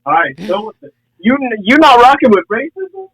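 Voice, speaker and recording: A man's voice: extremely high pitch, very animated, moderate pace, a crowd in the background, poor audio. A young man co-hosting a podcast in casual chat, jokey and full of filler words. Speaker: podcast co-host.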